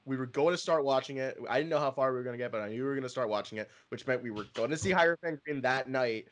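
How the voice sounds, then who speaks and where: A man's voice: medium pitch, racing. A young man co-hosting a casual podcast-style chat, laughing often and swearing casually. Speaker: channel co-host.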